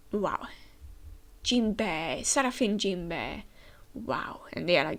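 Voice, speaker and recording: Woman host with a cold, tired and gravelly, chatty reaction commentary. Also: mid-range voice, expressive, unhurried, fairly bright tone. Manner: chatty, hesitant, many fillers. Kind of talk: casual reaction commentary, reading aloud.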